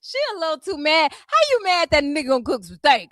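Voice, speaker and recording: A woman's voice: sits high, big pitch swings, brisk, fairly bright tone, dry recording. A woman from California with a Californian accent, ranting bluntly and profanely at trolls on her commentary vlog. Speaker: YouTube commentary host.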